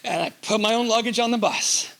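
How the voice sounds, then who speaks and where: A middle-aged man giving an animated storytelling keynote on a conference stage, joking as he goes. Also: high-pitched, a little fast, gravelly. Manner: animated, reads letters aloud, jokey asides. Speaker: keynote speaker.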